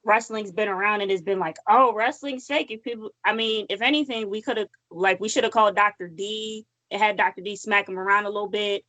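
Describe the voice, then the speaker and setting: A woman's voice: medium pitch, steady tone, quick pace, few pauses, sharp tone, no room sound, rough recording. A woman co-hosting a casual podcast, talking loosely with many fillers and blunt swearing.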